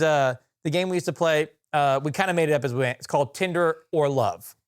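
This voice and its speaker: A man co-hosting a podcast, telling stories in casual chat, animated and laughing often, with frequent restarts. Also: fairly high pitch, clear, resonant tone. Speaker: podcast co-host. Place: podcast recording room.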